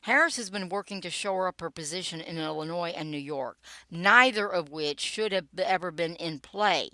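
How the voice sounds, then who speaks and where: A woman's voice: fairly low pitch, normal speed, hardly any pauses, sharp tone, dry recording. An older woman reading her own political blog post aloud, wry and sarcastic, with dry asides. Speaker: political blogger and podcaster.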